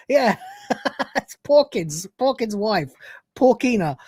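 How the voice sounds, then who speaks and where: A woman's voice: on the low side, lively intonation, normal speed, a little mellow, no echo, clean studio sound. Profane British woman hosting a livestream. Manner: profane, exasperated, laughs often. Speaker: host. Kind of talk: livestream reaction with super chats.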